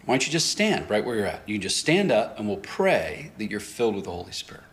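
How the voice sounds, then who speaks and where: A man's voice: lowish voice, fast. A man pastor telling a story in a sermon, acting out both sides of a conversation and often laughing as he talks. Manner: animated storyteller, acts out dialogue, laughs often.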